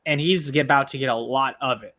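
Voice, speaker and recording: A man's voice: medium pitch, fairly quick, fairly bright tone. A man co-hosting a reaction show, casually posing long, rambling questions to his co-host. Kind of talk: casual discussion.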